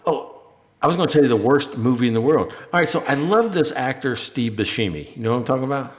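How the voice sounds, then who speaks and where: A man's voice: medium pitch, animated, fast talker. A man co-hosting a podcast, chatting casually in a rambling, joking way and trailing off while he hunts for words. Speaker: podcast co-host. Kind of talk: casual chat.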